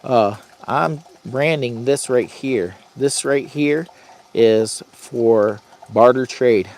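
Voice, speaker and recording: A man's voice: on the low side, a little mellow, slight background noise. A man casually rambling through a camping vlog, goofy and self-mocking, chatting straight to his viewers. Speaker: vlogger. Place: hot tent while camping.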